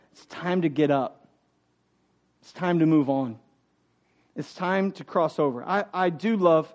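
A man's voice: high-pitched, a little mellow. A man preaching a sermon in church, emphatic and humorous as he addresses the congregation. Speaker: pastor. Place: church sanctuary.

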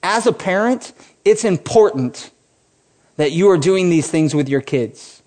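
A middle-aged man preaching a sermon in a conversational way, dropping his voice low for quoted lines and rising when animated. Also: a little slow. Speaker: pastor.

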